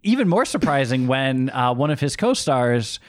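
A man's voice: medium pitch, big pitch swings, moderate pace, dry recording, studio quality. Emphatic male podcast co-host. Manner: emphatic, conversational, frequent fillers. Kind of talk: casual movie review chat.

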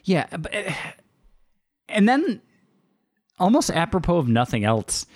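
A man's voice: sits high, wildly swooping pitch, measured pace, darkish tone, no echo, clean studio sound. A man co-hosting a casual movie review podcast, listing facts wryly with many fillers. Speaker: podcast co-host.

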